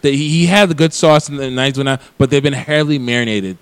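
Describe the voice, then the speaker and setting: A man in an easygoing podcast conversation who talks quickly and rambles, circling back and restarting his thoughts. His voice sits at an average pitch, and the chat is loose and casual, with occasional swearing. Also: smooth. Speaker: podcast co-host.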